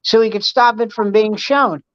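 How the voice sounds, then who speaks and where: A woman comedian in casual chat, telling stories in an animated, profane way. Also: a little high, normal speed, dry recording. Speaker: comedian guest. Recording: dull, dry sound.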